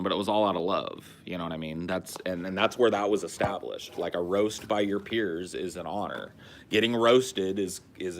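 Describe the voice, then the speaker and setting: A man in his forties from California hosts a podcast, his low-pitched voice fairly bright, with slight background noise. It's casual chat full of loose, profane stories, and he often restarts his sentences.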